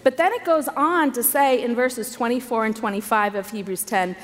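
A woman's voice: fairly high pitch, moderate pace, few pauses. A woman speaker preaching an earnest, story-filled sermon to a women's conference, with emphatic repetition. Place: large conference hall. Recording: live hall recording with long reverb.

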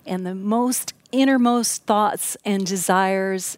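A woman giving a measured, instructive teaching talk as a Bible teacher, walking through her points one by one. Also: a little high, over music.

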